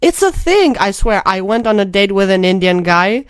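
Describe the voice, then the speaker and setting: Brief: woman from Albania, podcast co-host, deadpan humor, unsure fillers, dead dry sound. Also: mid-range voice, moderate pace, smooth, no echo. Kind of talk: casual chat.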